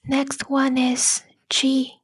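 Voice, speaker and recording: A woman giving a whispered ASMR lesson, speaking softly and breathily and repeating words slowly. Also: high voice, completely flat delivery. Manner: slow, soft and breathy, with many repeated words. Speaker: ASMR Spanish teacher.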